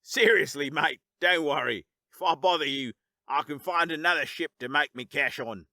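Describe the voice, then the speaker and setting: A man's voice: fairly high pitch, moderate pace, pushed and bright, no room sound, studio quality. A man voicing a laid-back, crude Australian human spacer in an audio story, with an Australian accent and slangy, swearing talk. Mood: relaxed. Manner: easygoing, slangy, swears casually.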